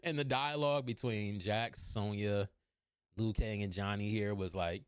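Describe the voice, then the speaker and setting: Animated man recapping a movie. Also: fairly low pitch, unhurried, smooth, no room sound, studio quality. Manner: animated, laughing often, swearing. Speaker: movie reviewer. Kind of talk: casual scene-by-scene movie recap.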